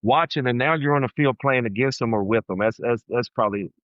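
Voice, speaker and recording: Animated storytelling man, dry muffled sound. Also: medium pitch, fairly quick, no room sound. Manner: storytelling, animated, frequent restarts and "you know". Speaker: podcast guest. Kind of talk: casual chat.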